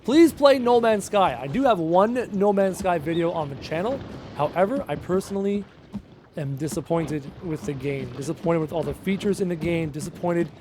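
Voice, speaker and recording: A man's voice: a little high, moderate pace, noisy background. Chatty man streaming and reading chat. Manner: chatty, reading out viewer comments and answering. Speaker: gaming YouTuber answering live chat. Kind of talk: casual live-stream chat while playing.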